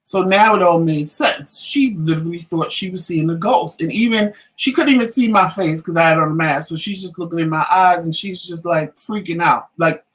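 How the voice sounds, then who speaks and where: A man's voice: a little high, moderate pace, hardly any pauses, poor audio. Man animatedly telling a story. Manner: animated storyteller, acts out quotes. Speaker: talk show co-host. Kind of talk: casual storytelling chat.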